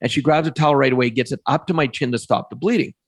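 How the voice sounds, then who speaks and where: A man in his fifties, a podcast guest, telling a personal story in a lively way and acting out the voices of the people in it. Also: mid-range voice, fast talker, breathy edge. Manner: animated storyteller, acts out quoted voices.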